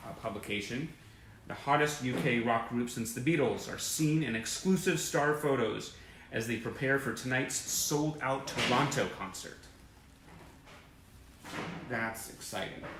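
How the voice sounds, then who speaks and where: Man, fan livestream host, gushing rambling chat, roomy webcam audio, mid pitch. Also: fairly bright tone, a little hiss or hum. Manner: enthusiastic, rambling, gushing, greeting viewers by name. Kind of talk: casual livestream chat reading old press clippings. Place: indoor room with sunlight through a window. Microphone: webcam or phone livestream.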